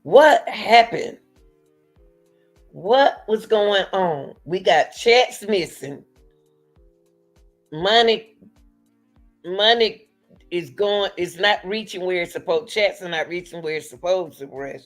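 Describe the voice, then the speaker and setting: A woman's voice: on the low side, soft background music. A woman hosting a casual commentary show, talking to her viewers in an emphatic, chatty way. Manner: slow, emphatic, laughing asides, talks to viewers. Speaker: commentary channel host.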